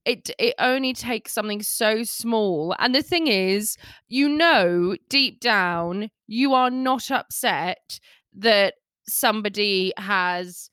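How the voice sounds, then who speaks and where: A woman's voice: medium pitch, slow pace, fairly bright tone, clean tone, no echo, clean studio sound. A woman co-hosting a podcast in casual chat, self-mocking, laughing often and swearing. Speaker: podcast co-host.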